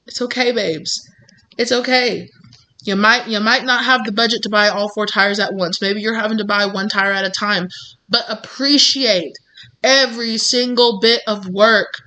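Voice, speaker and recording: A woman's voice: a little high, steady tone, moderate pace, sharp tone. A woman giving a casual, encouraging tarot reading straight to her viewers, full of reassurance and little fillers. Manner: encouraging, calls listener babes, many fillers. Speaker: tarot reader.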